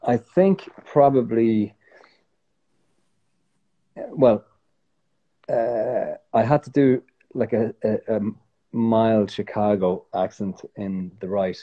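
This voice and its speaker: Irish guy chatting, dark husky voice, rambles n restarts a lot. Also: lowish voice, takes it slowly, pauses often, dull audio. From Ireland. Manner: rambling, self-correcting, relaxed. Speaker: guest actor. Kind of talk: casual chat.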